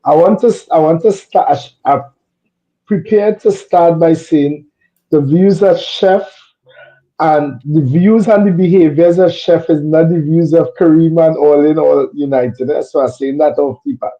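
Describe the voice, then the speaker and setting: A man's voice: on the high side, a little slow, dark tone. A tired man talking hesitantly as a fan panelist on a podcast. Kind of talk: casual podcast chat. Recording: muffled lo-fi mic.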